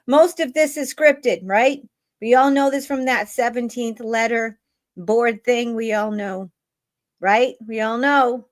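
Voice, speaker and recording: A fairly high-voiced woman hosts a casual live stream as a tarot reader. She talks in a loose, chatty monologue, blunt and salted with swearing, and keeps tossing rhetorical questions at her audience. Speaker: tarot reader and livestream host.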